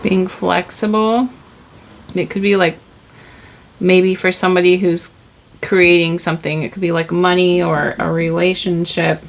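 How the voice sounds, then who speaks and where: A woman's voice: lowish voice, flat delivery, unhurried, low-quality recording. A woman giving a casual tarot reading, rambling and searching for her words, with lots of "like" and "you know.". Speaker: tarot reader.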